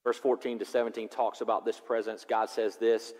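A man's voice: on the low side, brisk. Man preaching in a reverberant church hall. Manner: animated, swings from loud preaching to soft reflection. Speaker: pastor. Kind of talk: sermon.

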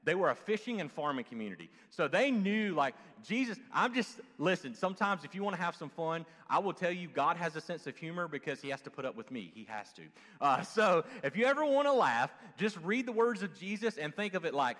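Southern guy preaching, fairly high voice, goes loud then hushed, long echo like a big church hall. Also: brisk, few pauses. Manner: animated preaching, swinging between loud exclamations and hushed low asides. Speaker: pastor. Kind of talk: sermon.

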